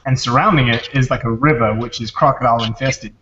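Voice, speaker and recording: A man with a New Zealand accent telling stories in a relaxed way with lots of fillers, in casual chat on a video call. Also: medium pitch, fast talker. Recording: muffled video-call audio with faint hiss.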